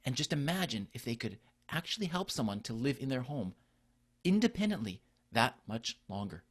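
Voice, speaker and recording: Lively, earnest male conference presenter. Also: mid-range voice, normal speed. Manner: earnest, explanatory, rhetorical questions. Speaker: physician presenter.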